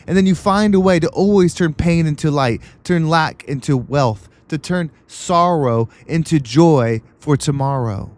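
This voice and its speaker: A man's voice: fairly high pitch, normal speed, hardly any pauses. Emphatic motivational podcast man. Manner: emphatic, repetitive pep-talk cadence. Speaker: podcast host. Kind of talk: motivational monologue.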